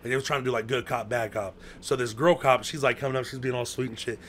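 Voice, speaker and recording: Animated slangy American man telling stories. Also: mid-range voice, quick pace, a little hiss or hum. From United States. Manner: animated, acts out quotes with sudden loud outbursts; heavy slang, lots of "bro" and "like". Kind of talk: casual storytelling chat.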